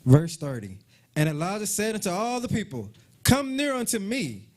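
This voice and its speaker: A man's voice: sits high, very animated, moderate pace. A man reading Bible verses aloud at a live study, calling out verse numbers. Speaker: scripture reader.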